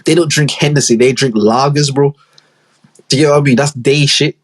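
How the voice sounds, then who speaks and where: A young man from holds forth alone on his podcast, loose and slangy, and he keeps slipping into mocking impressions. His voice sits mid-range and sounds somewhat husky. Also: medium pitch, fairly quick. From Leeds, northern England. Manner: casual, slangy, animated storytelling with mocking impressions. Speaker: podcast host. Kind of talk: solo podcast monologue.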